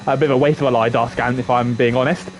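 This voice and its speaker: A man's voice: medium pitch, steady tone, fast, slight background noise. A man co-commentating a sim race on a livestream, laid-back and joking, greeting viewers as he goes.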